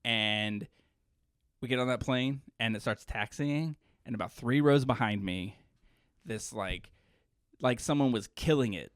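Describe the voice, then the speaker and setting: A man co-hosting a podcast, an animated, jokey storyteller who sounds exhausted. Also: mid-range voice, unhurried, clear, resonant tone, no echo, studio quality. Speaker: podcast co-host. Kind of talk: casual chat.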